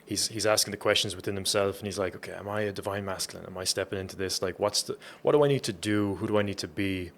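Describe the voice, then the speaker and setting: A man with a very low voice hosts a podcast conversation. He speaks softly and affirms what his guest says, and a faint hiss sits under his voice. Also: fairly even intonation, fast talker, hardly any pauses. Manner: soft-spoken, affirming listener. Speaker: podcast host.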